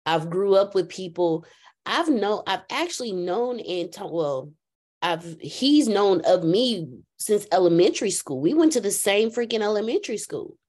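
A woman in her thirties on a video call, talking reflectively and haltingly, with many restarts. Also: medium pitch, expressive, darkish tone. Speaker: group call participant, aspiring foster mom. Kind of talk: casual emotional chat.

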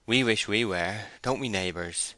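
A man's voice: measured pace, pushed and bright, dry recording. A man voicing a timid farmhand who speaks in a raised, trembling, anxious voice. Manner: trembling, anxious and high-pitched. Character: timid, nervous young farmhand.

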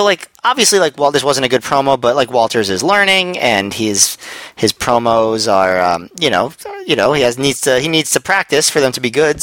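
A man in casual podcast chat with a bright, forceful voice. He rambles and hesitates, with lots of fillers, recorded close and dry. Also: medium pitch, dry recording, rough recording. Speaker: podcast co-host. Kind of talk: casual chat reviewing wrestling.

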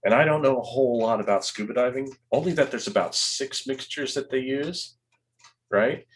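A man hosting a casual interview, relaxed and steering the talk back to his questions. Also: mid-range voice, normal speed. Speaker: podcast host.

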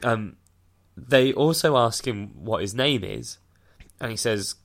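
A man's voice: mid-range voice, takes it slowly, fairly bright tone. Wry man joking about films. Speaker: podcast co-host reviewing films. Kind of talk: casual chat.

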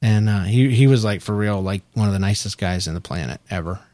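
A man with a fairly low, warm voice talks briskly, with no echo. Co-hosting a casual podcast chat, he speaks earnestly and reflectively about faith.

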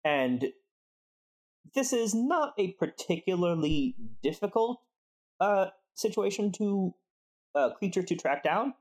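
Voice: mid-range voice, lively intonation, takes it slowly, pauses often, a little mellow. A game master explaining the rules of a skill check to the players, step by step, with many fillers. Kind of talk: running a tabletop game session.

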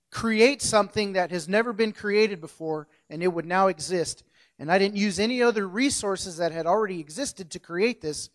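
A man with a fairly high voice preaches in a relaxed, conversational way. He jokes about his own mistakes and stops to correct himself, like he is talking to friends rather than a crowd. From central United States. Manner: jokey, self-correcting, loosely conversational. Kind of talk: casual sermon.

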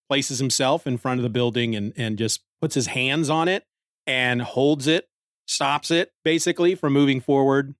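A man's voice: medium pitch, fairly bright tone, no echo, studio quality. A man recapping a comic book in a casual, rambling podcast style, often restarting his sentences. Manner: rambling, with restarts and short laughs. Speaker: podcast host reviewing a comic.

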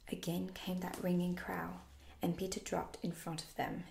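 A woman whispering a fairy tale aloud as a soft-spoken ASMR storyteller. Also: lowish voice, monotone, moderate pace, vocal fry, slight background noise. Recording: roomy echo.

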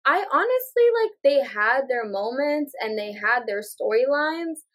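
A woman's voice: sits high, big pitch swings, unhurried, a bit bright. A woman co-hosting a podcast, reasoning aloud in casual chat with many fillers. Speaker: podcast co-host.

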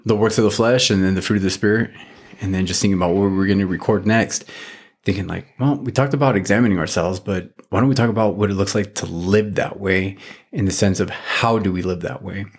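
A man hosting a faith podcast, talking casually and rambling with lots of fillers and restarts. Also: low-pitched. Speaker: podcast host.

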